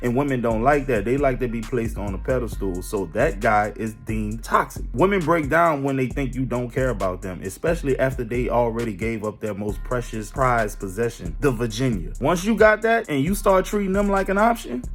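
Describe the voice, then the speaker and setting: A man hosting a commentary channel, talking in a casual, emphatic, lecturing way with lots of slang. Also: mid-range voice.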